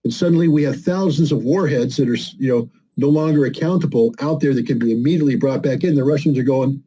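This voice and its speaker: Fast and with few pauses, this older man from the United States argues his points as a conversation guest. His medium-pitched voice has a dark tone and breathy edge, and he acts out quoted voices emphatically; the recording is rough.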